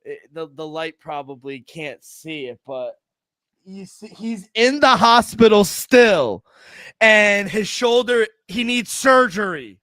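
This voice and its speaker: A man's voice: high voice, lively intonation, slow pace, bright, forceful tone, no echo. A man co-hosting a sports betting podcast, telling a rambling, profane story in casual chat. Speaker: podcast co-host.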